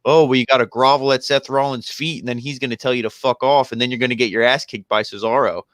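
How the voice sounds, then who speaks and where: Male co-host, mid-pitched, laid-back rambler, dry close sound. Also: fast, no echo. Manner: relaxed, rambling, heavy on fillers like "you know" and "I mean". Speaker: co-host of a wrestling review show. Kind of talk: casual podcast chat.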